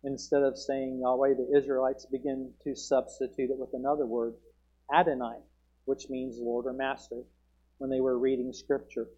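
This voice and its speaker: A man preaching a sermon, moving between relaxed Bible teaching and loud proclaiming. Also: moderate pace, husky. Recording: muffled low-fidelity sound.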